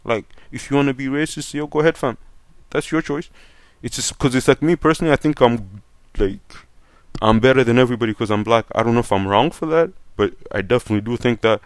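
A man's voice: medium pitch, fast, no echo. A young man from Canada talking in a casual opinion rant, blunt and profane, full of "like" and "fam".

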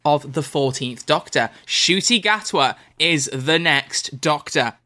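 A man's voice: fairly high pitch, animated, slow, pushed and bright. A man hosting a casual podcast, chatting in an upbeat, joking way. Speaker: podcast host.

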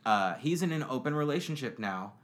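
A man's voice: medium pitch, lively intonation, brisk, a bit bright. A young man telling stories on a podcast as a guest, rambling, swearing, with lots of fillers. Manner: rambling, profane, many fillers. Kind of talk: casual storytelling chat.

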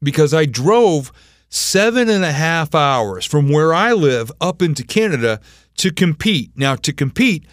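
A middle-aged man hosting a show, giving an earnest motivational monologue with drawn-out, emphasized words. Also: fairly high pitch, very animated, no echo, clean studio sound. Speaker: host, motivational speaker.

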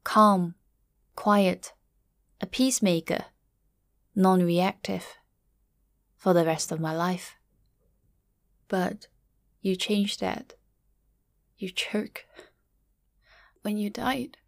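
Quiet, measured woman telling a story. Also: fairly low pitch, steady tone, dry recording, clean studio sound. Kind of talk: first-person story narration.

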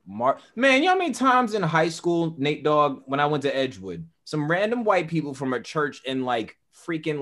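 Male podcast co-host, animated and expressive, slightly higher voice. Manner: animated, laughing, swings between loud exclaiming and quiet musing. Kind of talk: casual podcast conversation.

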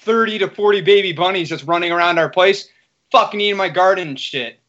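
A man's voice: high-pitched, fairly quick, fairly bright tone. A man co-hosting a podcast, complaining in casual, profane, irritated talk. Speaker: podcast co-host. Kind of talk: casual chat, ranting. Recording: dull lo-fi audio.

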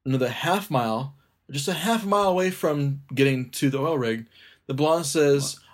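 A man as a podcast guest in casual chat, telling a joke in a laid-back, deadpan way. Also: on the high side, moderate pace.

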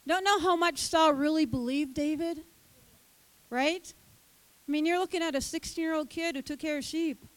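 An older woman who teaches Sunday school, giving an animated sermon and acting out the voices of the characters. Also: high voice, moderate pace, no room sound, rough recording.

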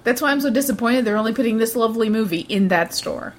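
Female podcast co-host, playful and wry, quick asides, giggly. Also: a little high, expressive. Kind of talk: casual chat.

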